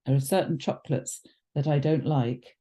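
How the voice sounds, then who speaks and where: A woman giving a relaxed watercolour painting demonstration, chatty and thinking aloud with ums and self-corrections. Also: low-pitched, normal speed. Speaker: watercolour art teacher.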